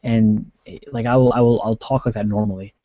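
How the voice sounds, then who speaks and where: A man's voice: fairly low pitch, fairly even intonation, brisk, dry recording, dull audio. A man co-hosting a casual discussion on a video call, talking chattily with lots of "like" and fillers. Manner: chatty, filler-heavy, many likes. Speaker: co-host.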